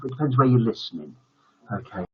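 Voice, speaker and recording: A man's voice: mid-range voice, expressive, fairly quick. Older northern English man, jokey live-stream host. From northern England. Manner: jokey, greets viewers by name. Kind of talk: casual live-stream chat. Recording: muffled lo-fi audio.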